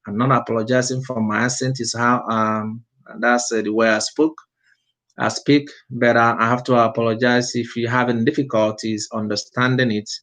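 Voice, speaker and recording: A man preaching a passionate sermon with an accent, exhorting his listeners and admitting he often speaks fast. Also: mid-range voice, level tone, fairly bright tone. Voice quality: non-native-sounding accent, unnamed. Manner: fervent, exhorting, speaks fast by own account. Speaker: prophet preaching. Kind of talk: impassioned sermon.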